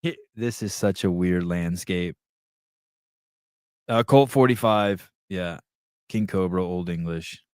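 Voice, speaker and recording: A man hosting a live podcast, chatting casually and reading the chat aloud, rambling and swearing as he thinks out loud. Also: low voice, clean tone, no room sound, studio quality.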